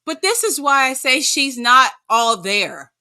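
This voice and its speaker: A woman's voice: sits high, big pitch swings, measured pace, sharp tone, smooth. A woman guest on a podcast, blunt and sassy, cursing freely in casual chat. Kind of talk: casual reality-TV recap chat.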